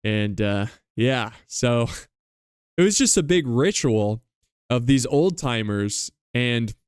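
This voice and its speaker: Man, podcast host, casual rambling book recap, smooth clear voice, dry close sound. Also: mid-range voice, expressive, takes it slowly, no echo. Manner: loose, rambling retelling with many fillers.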